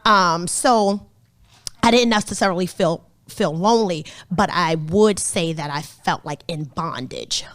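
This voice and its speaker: A woman's voice: lowish voice, measured pace, a bit bright, no echo. A woman in her thirties, a therapist co-hosting a podcast, talking candidly and animatedly with some swearing. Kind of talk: casual podcast conversation.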